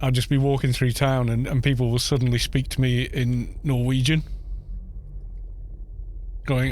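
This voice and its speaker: A man's voice: mid-range voice, level tone, moderate pace, a little mellow, a little hiss or hum. A middle-aged man with a Welsh accent, chatting and joking with his viewers while streaming a game, often stumbling over his words. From Wales. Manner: chatty, jokey, answers chat with stumbles and laughs. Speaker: gaming streamer.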